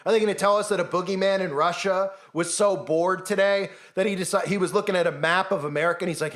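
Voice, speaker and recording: High-voiced man ranting sarcastically. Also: fast, few pauses, a bit bright. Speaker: channel host. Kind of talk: conspiracy commentary monologue.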